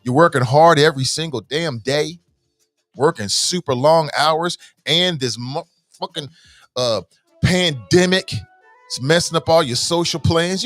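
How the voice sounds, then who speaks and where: A man hosting a morning talk show, talking to listeners in an animated, preachy, slangy way and swearing freely. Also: on the high side, measured pace, no echo, faint music behind.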